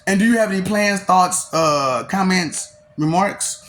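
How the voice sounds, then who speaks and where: A man's voice: high-pitched, unhurried, a bit bright. A man delivering a taunting, slangy monologue, laughing often between lines.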